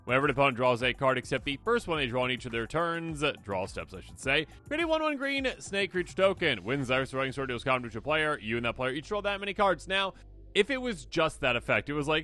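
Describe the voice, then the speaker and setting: A man hosting a card game video, talking casually and excitably, slipping into quick imagined voices. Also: mid-range voice. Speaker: host.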